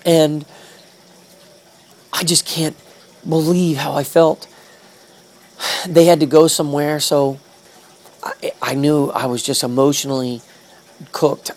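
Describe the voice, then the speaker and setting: A man telling a personal faith testimony in an earnest, halting way, repeating words and drawing out slow phrases. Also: medium pitch. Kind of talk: emotional personal testimony storytelling.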